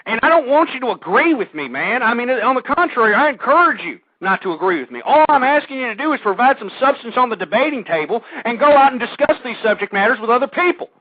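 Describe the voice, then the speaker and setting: A high-voiced male radio host rambles through a talk monologue in a fast, sing-song way with few pauses, repeating words and growing loud and heated. His voice comes over a thin, phone-like line, and the recording is dry and close.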